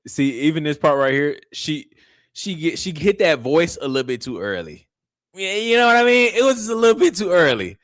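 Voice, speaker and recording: A man's voice: a little high, a little fast, dry recording, studio quality. A man hosting a casual reaction commentary, who teases and mocks in loose, slangy talk. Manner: animated, teasing, mocking, loose slangy talk. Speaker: commentary channel host.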